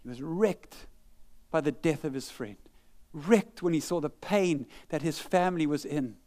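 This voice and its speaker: A male pastor with a fairly high voice delivers a sermon in church. He reads scripture with slow, dramatic pauses, then talks earnestly and conversationally to the congregation. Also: a little mellow. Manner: earnest and conversational between readings.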